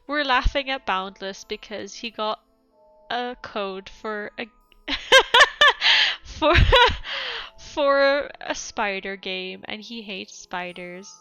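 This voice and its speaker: A woman's voice: mid-range voice, lively intonation, slow pace, a bit bright, smooth, no echo, dull audio, faint music behind. A European woman streaming a game, chatting casually, laughing often and reading chat aloud.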